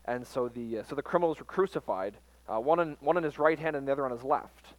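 A man gives an informal Bible lesson in a mid-range voice, halting often with "uh"s and restarting his sentences. The recording sounds close and dry, with hardly any room echo.

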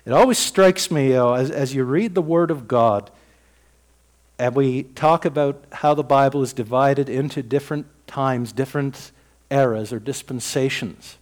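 A man preaching a sermon in a conversational, folksy way, acting out quoted dialogue and swinging between loud bursts and quiet asides. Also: mid-range voice, moderate pace.

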